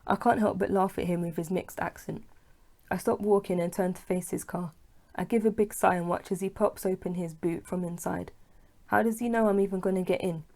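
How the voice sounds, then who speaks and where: A woman reads her own novel aloud in an audiobook. She tells it in the first person at an easy, unhurried pace. Her voice sits low and sounds dark and mellow. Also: fairly even intonation, gravelly. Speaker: author and narrator. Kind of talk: audiobook reading.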